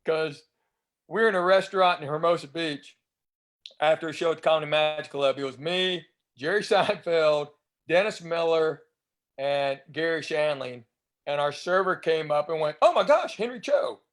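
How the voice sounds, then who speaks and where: This guest comedian, a man in his fifties from East Tennessee, shares chatty anecdotes in a Southern accent during a casual storytelling interview, taking care to enunciate his drawl. He speaks at normal speed with a fairly high, fairly bright voice and fairly even intonation.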